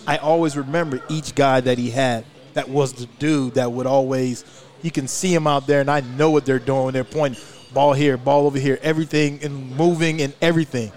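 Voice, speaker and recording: A former player talking in a casual podcast chat, emphatic and fired up, swearing freely, recorded live at a restaurant. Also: male voice, mid-range voice, steady tone, a little fast, a little mellow.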